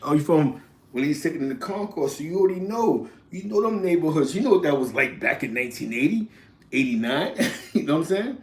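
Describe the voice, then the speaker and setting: A man with a New York accent, raised in East Harlem, spins loose stories in heavy street slang. His voice sits a bit high for a man, and his talk rambles in casual loops. The sound bounces around a reverberant room. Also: lively intonation, brisk. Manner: rambling, slangy, punctuated with "you know what I'm saying" and laughs. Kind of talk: casual storytelling.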